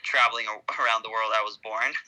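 Man in his twenties, from Costa Rica, piercing bright voice, excited rambling storytelling. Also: on the low side, fairly quick, low-quality recording. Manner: excited, rambling retelling with many fillers. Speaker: surfer guest. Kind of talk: casual storytelling.

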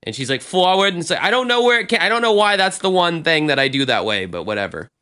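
A man's voice: a little high, very animated, fast, bright, forceful tone, clean tone. A man co-hosting a casual podcast, rambling and profane with many fillers. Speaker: podcast co-host.

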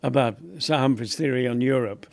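An older actor telling lively anecdotes in an interview, acting out other people's lines and laughing often. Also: male voice, medium pitch, fairly quick, gravelly. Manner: animated storyteller, acts out quoted voices, laughs often. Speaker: actor guest.

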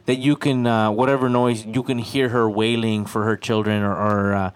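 A man's voice: fairly low pitch, level tone, moderate pace, clean tone. A young man from Chicago chatting casually on a podcast, rambling and repeating himself as he tells a story. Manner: rambling, repeats himself, puts on a wailing voice for quotes. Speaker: podcast co-host. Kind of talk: casual chat.

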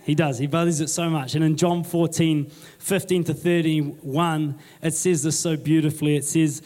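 A man's voice: a little high, fairly even intonation, moderate pace, darkish tone. A young man preaching a sermon in a conversational way, asking the congregation rhetorical questions and ending remarks with "eh?". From New Zealand. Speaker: pastor.

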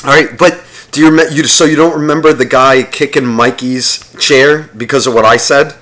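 A man's voice: fairly even intonation, moderate pace, a bit bright. A man on a podcast telling crude, rambling stories, swearing a lot and mimicking other people. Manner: profane, mimics others in high voices. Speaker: podcast co-host. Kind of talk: crude casual storytelling.

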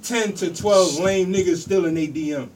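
A man's voice: high-pitched, normal speed. A man giving blunt, profane opinions in a casual podcast group chat. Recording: distant mic with loud noise.

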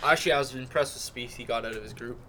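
A man's voice: medium pitch, background noise. Easygoing man chatting golf. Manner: easygoing, quick to agree and laugh. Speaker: podcast co-host. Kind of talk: casual golf chat.

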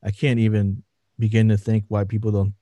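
A man's voice: on the low side, completely flat delivery, fairly quick, mellow, dry recording. A man co-hosting a soccer podcast, talking in a rambling, earnest way as he searches for words. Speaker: podcast co-host. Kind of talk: casual chat.

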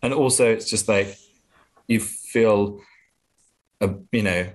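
A man's voice: on the low side, slow. A man and comedian, chatting as an interview guest in a hesitant, self-deprecating way with many restarts. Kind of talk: casual interview chat.

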